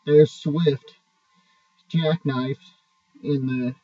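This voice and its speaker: A man's voice: a little high, steady tone, extremely slow, dark tone, no echo. Trucker guy rambling thru a road story, cussing a lot, sounds far from the mic and kinda muffled. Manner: rambling, profane, restarts often. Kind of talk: casual spoken storytelling. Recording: dull, distant mic.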